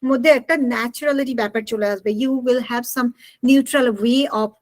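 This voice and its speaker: A Bengali-accented woman teaches a spoken English lesson over a video call. She talks very fast in a high voice, switching between English and Bengali and checking whether students follow. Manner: mixes English and Bengali, asks students questions. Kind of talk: online class lecture.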